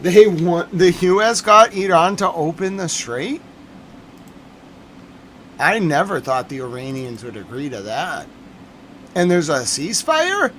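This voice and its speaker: Streamer, male, high-pitched and slow-spoken, excitable ranting news reaction, faint noise behind. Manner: excitable, ranting, swears and repeats himself.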